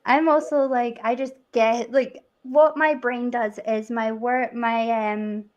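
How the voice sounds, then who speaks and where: A woman's voice: a little high, fairly even intonation, darkish tone. Giggly Edinburgh-accented woman, lo-fi. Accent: Edinburgh Scottish. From Scotland. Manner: giggly, chatty, quick to laugh. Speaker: stream host. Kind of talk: casual livestream chat.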